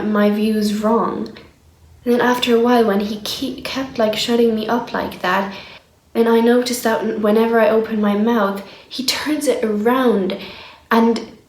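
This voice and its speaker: A woman's voice: fairly high pitch, a little mellow, a little hiss or hum. A woman recording a personal diary vlog, venting in exasperation about being shut down, sometimes dropping to a whisper. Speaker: diary vlogger. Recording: echoey room.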